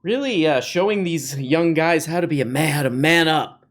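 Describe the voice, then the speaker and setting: A man's voice: a little high, moderate pace. A man hosting a podcast, giving casual, sarcastic comedic commentary on video clips. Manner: sarcastic, mocking. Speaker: podcast host.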